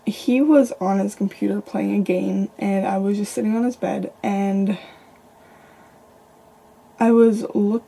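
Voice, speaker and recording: Gravelly young woman telling a ghost story. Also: medium pitch, fairly even intonation, measured pace, pauses often, warm tone. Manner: chatty, rambling, filled with "like" and "um". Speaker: paranormal vlogger. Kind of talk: casual storytelling to camera.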